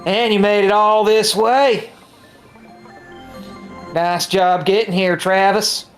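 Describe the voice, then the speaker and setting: A woman voicing a laid-back middle-aged country man with a put-on Southern drawl in a fan dub of a game, slow and deadpan. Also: mid-range voice, soft background music, close to an everyday voice.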